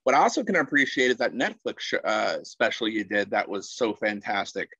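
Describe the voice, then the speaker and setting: A man's voice: on the low side, animated, brisk, pushed and bright, slightly rough, no room sound, lo-fi sound. A man interviewing a guest, keen and praising, who stammers and repeats his words as he asks questions. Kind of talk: casual interview talk.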